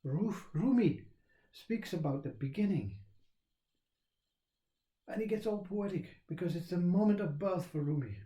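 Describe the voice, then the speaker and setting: A man giving a slow, reflective spiritual talk on self-inquiry, repeating phrases as he teaches. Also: high voice, expressive, warm tone, reverberant.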